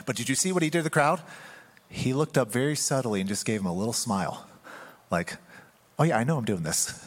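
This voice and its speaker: A man giving a sermon as pastor, talking in a conversational, animated way. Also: medium pitch, in a large hall.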